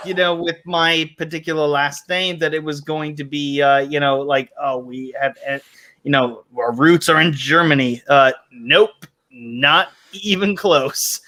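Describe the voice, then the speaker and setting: A man's voice: fairly high pitch, fairly even intonation, moderate pace, bright, forceful tone. A man chatting on a live stream panel, hesitant and dry, joking at his own expense. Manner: hesitant, many fillers, dry self-mocking. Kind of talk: casual chat.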